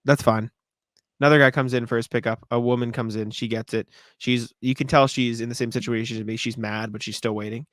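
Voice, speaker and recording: A man's voice: medium pitch, a little fast, no echo, clean studio sound. A man co-hosting a podcast in casual chat, telling stories with plenty of swearing. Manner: profane, animated storytelling. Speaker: podcast co-host.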